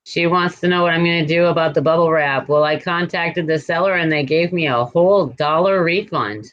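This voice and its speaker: Lower-voiced woman guest on a video call. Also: a little fast, no echo. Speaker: guest on a live hangout. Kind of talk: casual live-stream chat. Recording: dull, lo-fi video call audio.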